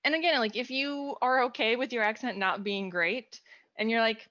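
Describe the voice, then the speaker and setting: A woman's voice: on the high side, normal speed, bright, forceful tone, no room sound. A woman on a tabletop gaming panel, chatting and handing out advice while laughing at herself, recorded with dull, muffled audio. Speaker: tabletop game player, panelist. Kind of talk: casual panel chat.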